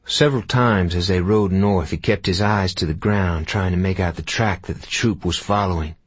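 A man narrating an audiobook in a measured, unhurried storytelling manner. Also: deep voice, husky, dry recording.

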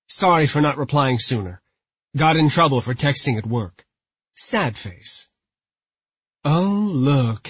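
Slow, husky male audiobook narrator. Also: mid-range voice, dry recording. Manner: dry, wry inner monologue. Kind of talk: first-person novel narration. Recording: slightly muffled dry recording.

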